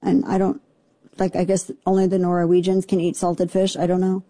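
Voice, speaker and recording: A woman hosting a talk radio show, ranting sarcastically about the news with quick asides. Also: fairly low pitch, monotone, dark tone, no echo. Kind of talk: opinionated political talk radio.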